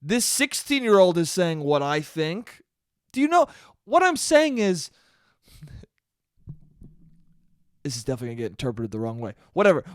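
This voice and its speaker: High-voiced man ranting on a podcast. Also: no room sound, clean studio sound. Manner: rambling, profane, laughing. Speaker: podcast host. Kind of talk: casual comic monologue.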